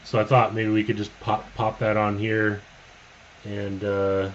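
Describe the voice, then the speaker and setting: A man co-hosting a livestream, talking casually and haltingly with many fillers. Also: lowish voice, completely flat delivery, muffled recording, slight background noise. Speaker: livestream co-host.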